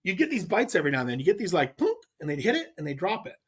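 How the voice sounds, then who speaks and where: A middle-aged man from the US West Coast tells a story as a podcast guest. His pitch swings widely as he gets excited. He laughs often and stumbles over repeated words. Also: rapid-fire, a little hiss or hum. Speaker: podcast guest, pro angler. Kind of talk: animated storytelling in casual chat.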